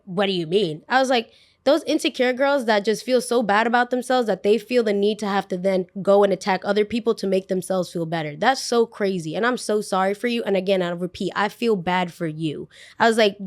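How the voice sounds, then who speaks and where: A woman's voice: medium pitch, a little fast. A young woman tells a story on a podcast in a loose, chatty way. She acts out the people she quotes with bursts of energy and fills her talk with "like." Her delivery swings between heated and offhand. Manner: animated, acts out quotes, heavy use of "like". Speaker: podcast guest. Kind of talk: casual storytelling.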